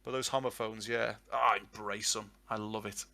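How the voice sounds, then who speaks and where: A man whose first language is English, chatting casually and telling jokey, animated stories as a guest teacher. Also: lowish voice, moderate pace, gravelly. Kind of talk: casual live chat. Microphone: online call audio.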